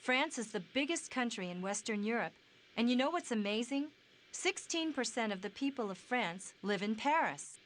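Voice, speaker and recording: A woman voicing a level-headed female detective in a video game, calmly sharing facts, heard through a stream with faint background noise. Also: on the high side, normal speed, lightly acted. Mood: informative. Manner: calm, explanatory, fact-sharing. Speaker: game character, detective partner.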